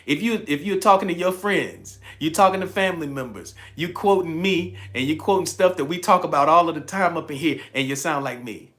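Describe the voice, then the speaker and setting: Talking a little fast with few pauses, a man with a slightly high voice runs a live-streamed coaching session. The host and coach brims with energy, welcomes viewers by name, chats with them and repeats his key phrases.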